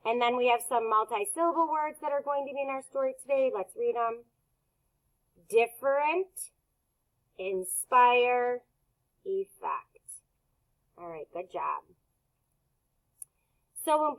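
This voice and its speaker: A woman teacher leading a recorded phonics lesson for young students, speaking slowly and clearly and pausing for answers. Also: fairly high pitch, a bit bright, poor audio.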